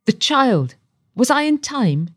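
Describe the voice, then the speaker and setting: Woman narrator doing a young sick husband, brave and upbeat, lively swings in pitch, exclaims. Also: takes it slowly, no room sound, studio quality, heavily acted. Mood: weak, anxious. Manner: excited, exclaiming.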